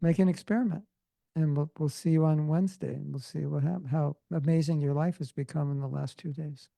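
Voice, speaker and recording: Gravelly, mellow Californian man teaching. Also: fairly high pitch, steady tone, fairly quick, no echo, rough recording. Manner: conversational, joking asides. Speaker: spiritual teacher. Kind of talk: informal devotional class.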